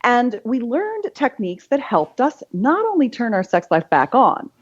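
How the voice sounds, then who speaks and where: A woman's voice: on the high side, huge pitch swings, normal speed, slightly rough, highs cut off. Bubbly middle-aged woman on a call. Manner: bubbly, laughs often, candid. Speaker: podcast guest, sex educator. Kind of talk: casual interview chat.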